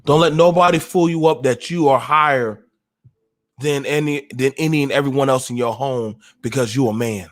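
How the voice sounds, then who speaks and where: A man, hosting a livestream and delivering an emotional, preachy monologue that rises to shouts. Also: mid-range voice, moderate pace. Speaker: podcast host.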